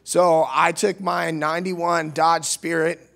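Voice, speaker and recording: A man from Missouri preaching a sermon as youth minister, earnest, restarting words, swinging between loud and soft. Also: on the high side, flat delivery, slow, vocal fry. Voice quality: nasal at times. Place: church.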